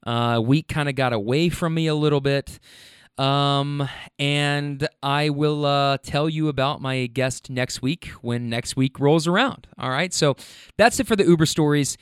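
Young male podcast host, slightly high and smooth voice, loose, profane storyteller, dry close sound. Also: a little slow, dry recording. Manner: rambling, profane, keeps checking in with listeners. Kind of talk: casual storytelling.

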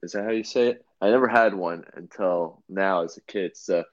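A man's voice: low voice, brisk, dull audio. A man co-hosting a podcast in casual chat, rambling and laid-back with lots of fillers and restarts. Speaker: podcast co-host.

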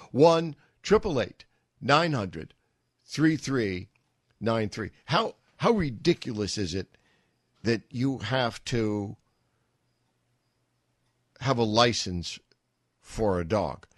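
A man's voice: lowish voice, no echo. A middle-aged man hosting a talk radio show, telling a rambling story with wry asides into a studio microphone.

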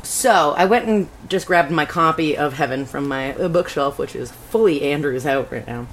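Brief: lowish-voiced woman co-host, laid-back and dry, faint background hum. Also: moderate pace. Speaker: podcast co-host. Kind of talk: casual chat.

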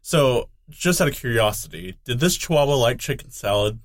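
A man's voice: medium pitch, expressive, moderate pace, dry recording. A man co-hosting a podcast in casual chat, making dry, wry remarks. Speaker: podcast co-host.

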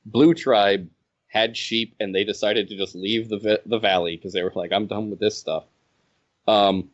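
A man telling stories from running his game in a casual podcast chat, animated and laughing as he goes. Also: deep voice. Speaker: game designer and organizer. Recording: slightly dull, lo-fi audio.

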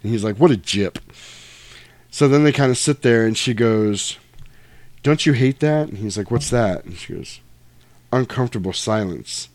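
A man's voice: mid-range voice, normal speed, long pauses, darkish tone, dry recording. A man in casual chat, retelling a film scene, acting out the dialogue and swearing freely.

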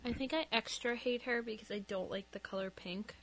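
A young woman co-hosting a casual movie commentary podcast, chatty and animated, laughing often. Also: fairly high pitch, a little fast. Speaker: podcast co-host.

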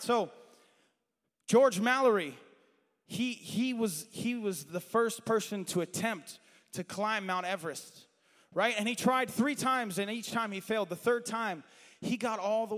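With a high-pitched voice, a man passionately preaches, building to shouts before dropping into soft asides, and mentions that he has left his notes behind. A long reverb tail trails his words.

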